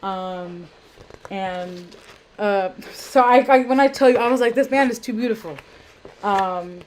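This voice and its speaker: Young woman, live stream host, casual rambling chat, medium pitch, webcam sound, faint background hum. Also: unhurried, darkish tone. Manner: rambling, self-deprecating, lots of ums and tangents. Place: home room.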